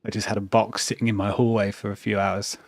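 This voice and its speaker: A man's voice: fairly low pitch, flat delivery, quick pace. A man streaming a video game, chatty commentary that rambles and swears. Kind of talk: casual let's-play commentary.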